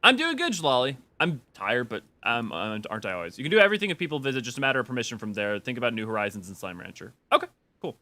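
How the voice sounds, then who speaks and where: A man's voice: medium pitch, big pitch swings, rapid-fire, few pauses, bright, forceful tone. A man streaming a game, chatting with viewers in a rambling way with many restarts. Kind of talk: casual game stream commentary.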